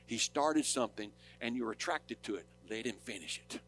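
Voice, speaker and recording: A man with a Southern accent preaching a sermon, rising to loud, urgent declarations and dropping to quiet storytelling. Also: mid-range voice, moderate pace, faint music behind. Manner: impassioned, swings from loud preaching to soft storytelling. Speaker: pastor.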